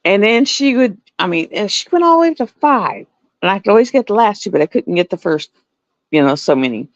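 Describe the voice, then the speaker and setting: A middle-aged woman chatting casually to viewers, animated and laughing often. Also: medium pitch, brisk, no echo, highs cut off. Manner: animated storytelling, laughs often, swings between voices. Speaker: live stream host.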